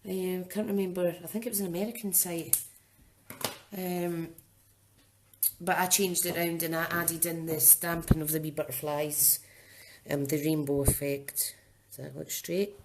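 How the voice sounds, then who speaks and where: A woman leads a relaxed live craft demonstration, with a low, easy voice. She chats along and thinks out loud as she goes, and a faint noise sits under her speech. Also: unhurried. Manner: chatty, thinking aloud as she works. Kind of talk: casual live-streamed craft demo.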